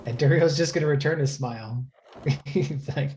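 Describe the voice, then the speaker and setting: A man playing a tabletop game, playful and quick to laugh as he speaks in and out of character. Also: mid-range voice, darkish tone, a little hiss or hum. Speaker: player. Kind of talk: tabletop role-play.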